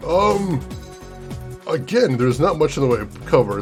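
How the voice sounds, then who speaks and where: A man hosting a casual let's-play of a video game, an excitable, animated storyteller. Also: fairly high pitch, measured pace, soft background music. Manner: animated, excitable storyteller, laughs and yelps easily. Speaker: gaming channel host.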